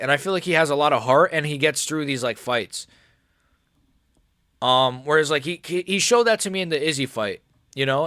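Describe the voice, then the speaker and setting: A man's voice: medium pitch, no echo, clean studio sound. Rambling man chatting on a livestream. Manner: relaxed and rambling, many fillers and restarts. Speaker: livestream host reading chat. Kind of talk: casual live-stream chat.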